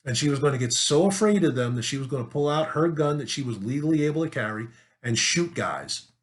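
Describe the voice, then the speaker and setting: A male political commentator speaking straight to his audience in an insistent opinion monologue. He is forceful and emphatic, stumbling over repeated words and firing off rhetorical questions. His voice sits at a middle pitch for a man. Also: lively intonation, brisk.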